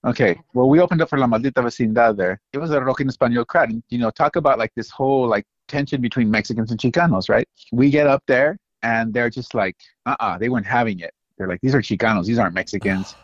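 Brief: mid-pitched male musician guest, animated storyteller, dull lo-fi phone sound. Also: fast, few pauses, no echo. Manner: animated anecdotes, lots of "like" and "you know". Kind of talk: casual storytelling interview. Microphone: phone line.

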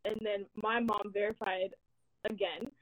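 A woman's voice: mid-range voice, little pitch movement, measured pace, dry recording, low-quality recording. Chatty young woman, dry sound. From United States. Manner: chatty storyteller, many "like"s and "um"s. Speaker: host. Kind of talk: casual live-stream chat.

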